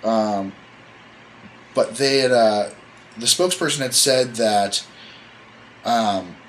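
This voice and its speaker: A man's voice: lowish voice, takes it slowly, slight background noise, poor audio. A man hosting a casual podcast chat, telling a story in a rambling, joking way and correcting himself as he goes. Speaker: podcast host.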